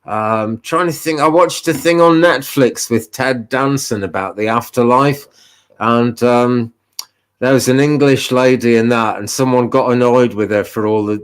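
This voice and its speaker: A man's voice: mid-range voice, measured pace. A man, a guest medium, chatting casually on a live stream, hesitant and searching for words. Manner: hesitant, many fillers and restarts, laughs softly.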